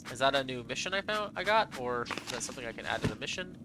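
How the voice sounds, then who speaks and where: A man thinking aloud in low-key, casual commentary while playing a story game, in a noisy home recording. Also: big pitch swings, fast talker. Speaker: let's play gamer.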